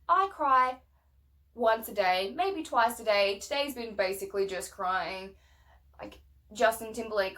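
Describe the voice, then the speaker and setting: A woman's voice: fairly high pitch, a bit bright. Blunt, swearing young woman vlogger, heated. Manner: heated, emphatic. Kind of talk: casual rant to camera.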